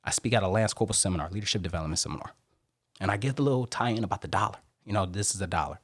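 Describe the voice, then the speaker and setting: Rapid-talking man telling stories. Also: on the low side, husky, dry recording, clean studio sound. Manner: animated, rapid storytelling. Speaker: Marine guest speaker. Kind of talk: podcast interview storytelling.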